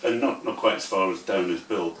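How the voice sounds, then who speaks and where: Man from Scotland, halting speech, echoey meeting room, faint hiss. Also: low voice, recorded from a distance. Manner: halting, repeats words. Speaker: audience member. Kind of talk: public meeting discussion.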